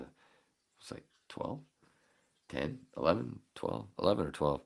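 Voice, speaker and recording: A man hosting a podcast, telling a story casually with lots of swearing and acting out his own shouting. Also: sits low, measured pace, vocal fry, pauses often, slightly rough. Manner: profane, animated, acts out his own shouting. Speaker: podcast host.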